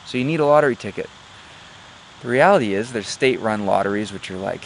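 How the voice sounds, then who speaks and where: A man giving a motivational talk, halting and full of fillers, who tells a joke to make his point. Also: fairly low pitch, slight background noise. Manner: tells stories and jokes. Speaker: motivational speaker.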